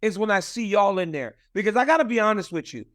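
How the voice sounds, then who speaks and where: A man in his forties talks through an interview with a high voice, friendly and emphatic. The sound is dry and close, with no room around it. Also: animated, quick pace, a bit bright, no echo. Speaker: interviewer and fight analyst. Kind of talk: casual interview.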